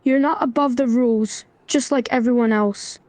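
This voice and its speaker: A synthetic female voice reading the lines of a stern young man who lectures in an even tone. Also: on the high side, normal speed, no echo, lightly acted.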